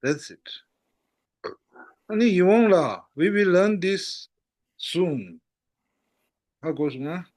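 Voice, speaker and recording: Guy slowly teaching a language class online, patient, keeps checking in, a bit high voice. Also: big pitch swings, a little mellow. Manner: slow, patient, repeats checks like "how goes, no?". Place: online class over a shaky internet connection.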